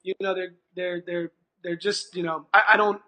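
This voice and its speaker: A middle-aged Californian man who manages an after-school program tells a story as a guest in conversation, his high voice moving at a moderate pace. He's animated, acts out the quoted dialogue, and restarts often.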